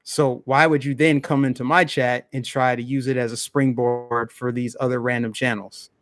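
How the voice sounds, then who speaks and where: A man's voice: mid-range voice, little pitch movement, normal speed, over music. A man hosting a live stream, ranting bluntly in casual commentary and talking straight to his chat.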